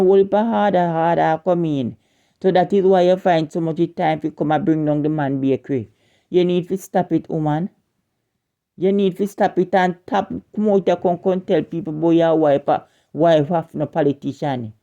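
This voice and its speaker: Woman, Jamaican accent, indignant scolding rant, repetitive stumbling delivery, mellow tone, muffled lo-fi recording. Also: lowish voice, moderate pace. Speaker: online commentator.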